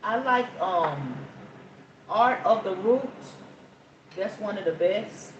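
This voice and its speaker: This middle-aged woman hosts a relaxed live stream and takes her time, letting her voice swing up and down. She is playful and bawdy, laughs easily and talks straight to her viewers. A faint hum of noise sits under her voice. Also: mid-range voice, slow pace, lo-fi sound. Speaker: spiritual practitioner and show host.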